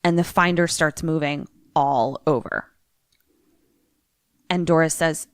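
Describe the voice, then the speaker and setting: A chatty woman recaps a film plot for her podcast co-host, her voice sitting fairly low. The sound is dry and close, with no room behind it. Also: slow, clean tone, no room sound. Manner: chatty retelling with frequent "like". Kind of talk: casual movie recap.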